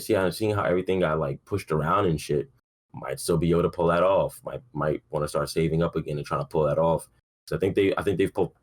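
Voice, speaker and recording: A low-pitched man with a darkish tone hosts a sports podcast by himself, casual and offhand. The young host yawns sleepily, rambles freely, swears a lot, and uses frequent fillers in a laid-back way.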